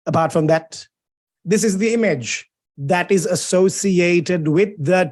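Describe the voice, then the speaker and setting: A man's voice: high voice, unhurried, a little mellow. A young man with a Sri Lankan English accent teaching English literature in an online lecture. He teases students playfully and answers his own questions. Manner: playful, teasing, asks questions and answers them himself. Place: home or classroom, streamed over a video call. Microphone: video call microphone.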